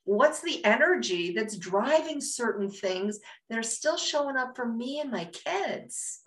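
A woman's voice: fairly high pitch, animated, measured pace, a bit bright. A woman hosting an interview, speaking in a reflective, encouraging way. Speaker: host. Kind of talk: interview conversation. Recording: echoey room sound.

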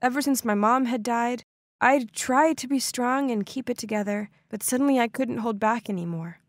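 Young woman, first-person story narrator, expressive and dramatic, fairly high voice, dry close sound. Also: moderate pace, no room sound.

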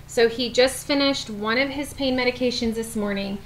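A woman in her thirties chatting casually to her viewers from her home, friendly and talkative, sometimes cooing at her cat in a high voice. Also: moderate pace, hardly any pauses, slight background noise. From Alaska. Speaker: homestead vlogger. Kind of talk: casual vlog chat to viewers. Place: at home indoors.

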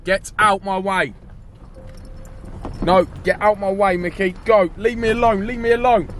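A young man speaks in a high voice, filming a skit outdoors at night. Faint background noise sits behind him. He moves between loud pleading commands and a calm talk to the camera. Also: unhurried. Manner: shouting pleas and commands, then calm to-camera wrap-up. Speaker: vlogger. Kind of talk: acted skit vlog.

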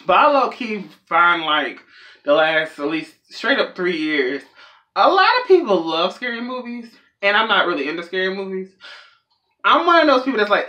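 A man's voice: high-pitched, sing-song, normal speed, bright, forceful tone. A young man telling a rambling, self-mocking comedic story as a vlogger. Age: young adult.

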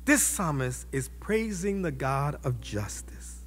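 A pastor preaches with a high, animated voice that swings widely and jumps to loud, ringing peaks. His impassioned delivery fills a church with a long reverb tail. Faint music plays underneath. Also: takes it slowly. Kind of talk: sermon.

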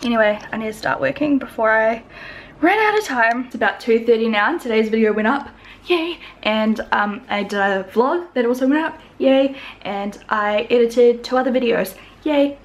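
A woman's voice: mid-range voice, a little hiss or hum. A young woman with a New Zealand accent chatting casually to camera in a home vlog, full of "like" fillers. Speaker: vlogger.

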